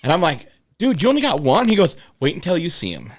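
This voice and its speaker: A man hosting a casual podcast, telling crude stories with lots of swearing. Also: a little high. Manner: crude storytelling, quick and animated. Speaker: podcast host.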